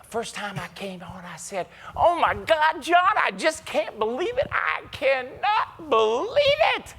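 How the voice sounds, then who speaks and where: A man's voice: fairly high pitch, big pitch swings, normal speed, creaky, fairly bright tone, full character voice. A man doing an impression of his boastful, folksy business mentor while telling a story on stage. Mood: showy.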